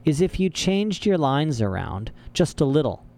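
A cautious, clever teenage girl speaks in a careful, measured way, as a male narrator puts her on. The voice sits higher than his own and stays mellow. She comes from a read-aloud storybook. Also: sing-song.

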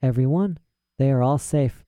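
A man voicing a calm, ageless female witch queen in a storybook reading, speaking in a measured, grave way. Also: mid-range voice, no echo, phone-quality sound, lightly acted.

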